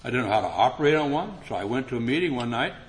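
Older man telling his recovery story. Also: rapid-fire. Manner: animated, rises in pitch when acting out dialogue. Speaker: recovery meeting speaker. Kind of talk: humorous personal storytelling. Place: meeting room before an audience.

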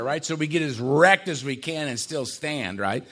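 A man telling his own life story in a casual, conversational way, with dark humor and frequent tag questions. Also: on the high side, animated, a little fast. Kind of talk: personal testimony talk.

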